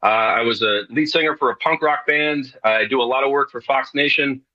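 A man's voice: mid-range voice, a little fast, muffled recording. A middle-aged man from New York, a guest on a radio talk show, rambling casually with many fillers and restarts.

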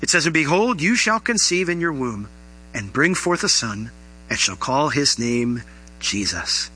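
Bright-voiced man preaching a sermon. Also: mid-range voice, very animated, a little slow, husky, low-quality recording. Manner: earnest, conversational preaching with rhetorical questions. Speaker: pastor.

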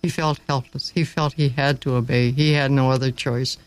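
A man narrating a story aloud, expressive and dramatic, with slow pauses for effect. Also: mid-range voice, poor audio.

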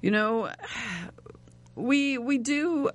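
A woman's voice: high-pitched, drawn-out words. A woman in casual chat, upbeat and enthusiastic, with lots of fillers.

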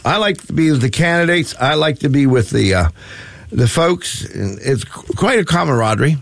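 A man rambles through folksy radio banter with a grumpy, self-mocking streak. His pitch jumps all over the place and his voice has a gravelly edge. The studio sound is dry and close. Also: expressive, moderate pace, dry recording. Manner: self-mocking curmudgeonly rambling with many restarts. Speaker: radio talk show host.

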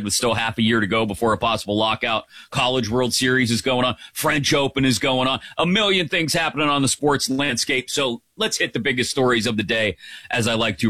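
A sports radio host, a man, talks fast and upbeat in a bright, forceful voice. The studio mic sounds close and dry, with no room in it. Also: mid-range voice, no echo. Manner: upbeat, rapid, conversational. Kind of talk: energetic sports talk radio. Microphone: studio microphone.

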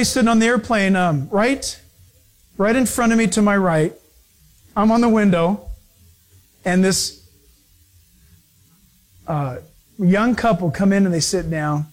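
A pastor giving a conversational sermon, telling everyday stories with lively animation and acting out the people in them. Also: male voice, high voice.

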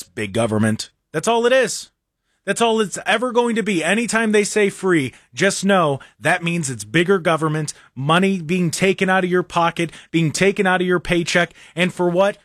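A man's voice: high voice, normal speed, a bit bright, no room sound, clean studio sound. A young American man hosting a talk radio show, rambling and sarcastic with mocking asides. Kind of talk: casual opinionated talk radio monologue. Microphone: studio microphone.

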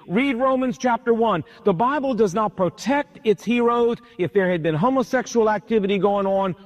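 A man pastor preaching a sermon, retelling a story with animated, emphatic repetition, in a church hall. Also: high-pitched. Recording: long hall reverb.

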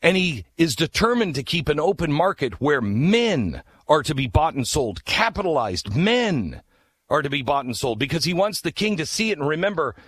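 A man telling a history story with passion, asking rhetorical questions and dropping low for asides before pushing his voice up for key points. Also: big pitch swings, moderate pace, slightly rough, no echo. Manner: emphatic, rhetorical questions, swings between low hushed asides and raised urgent lines. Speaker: speaker on history. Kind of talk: impassioned storytelling talk.

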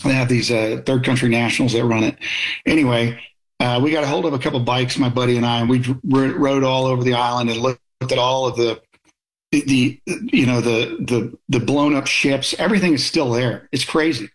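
A man recounting his military days in a loose, anecdotal way, often circling back and restarting his sentences. His voice sits at an ordinary middle pitch. He talks like a guest sharing stories in a casual interview. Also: fairly even intonation, brisk, rough recording. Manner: anecdotal, many restarts and fillers.

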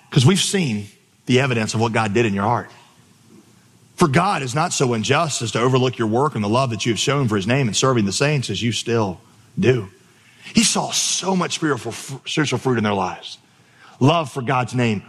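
Animated preaching man in a reverberant hall. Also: medium pitch, husky. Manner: animated storytelling, exclamatory. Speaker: pastor. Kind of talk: sermon. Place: church auditorium with stage.

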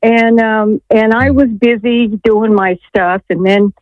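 A woman's voice: fairly high pitch, fairly even intonation, slow pace, dry recording. Earnest woman caller on tinny phone line. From Maine, USA. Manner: rambling, earnest, many fillers. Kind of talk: call-in testimony.

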